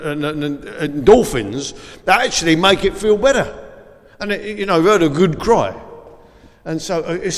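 Man, school assembly speaker: informal and rambling, reads from scripture; long hall reverb. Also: a little high. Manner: chatty and rambling, with many fillers and restarts. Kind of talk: informal assembly talk with Bible reading.

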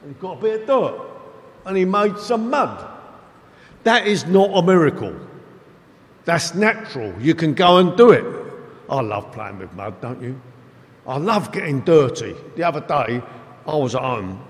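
A man preaching a sermon, telling stories in an animated, emphatic way. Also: on the high side, normal speed, pauses often. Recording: echoey hall with long reverb.

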